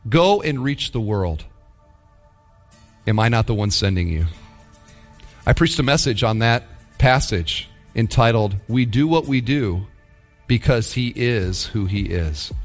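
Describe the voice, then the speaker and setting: Male pastor, sermon, animated delivery, lively swooping pitch, faint music. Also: a little slow, long pauses. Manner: animated, acts out quoted voices.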